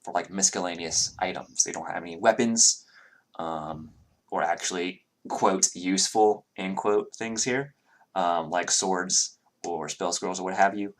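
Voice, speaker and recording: A man narrating as game master of a tabletop game, describing scenes in a relaxed way with frequent ums. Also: low-pitched, unhurried.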